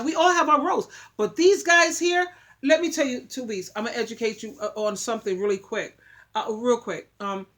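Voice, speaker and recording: High-voiced woman vlogger lecturing her viewers, emphatic and repetitive. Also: fairly bright tone. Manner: emphatic, preachy, repeats points for emphasis. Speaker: relationship advice vlogger. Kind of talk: casual opinionated monologue.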